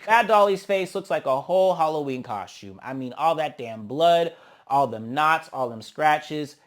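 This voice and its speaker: A man's voice: on the high side, animated, a little slow. A man giving a casual, sassy review of a reality TV episode, blunt and profane, with dramatic reactions and calling people honey and child. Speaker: reality TV recap host.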